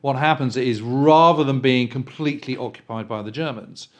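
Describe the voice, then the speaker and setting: A middle-aged man co-hosting a history podcast, explaining events in a casual, methodical way and slowing down for emphasis. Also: medium pitch, dull audio.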